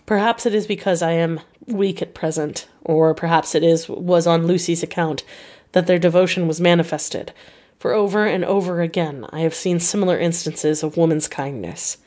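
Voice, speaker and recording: A woman reading a diary novel aloud in a measured, unhurried way. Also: fairly low pitch, fairly even intonation, darkish tone. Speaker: audiobook reader.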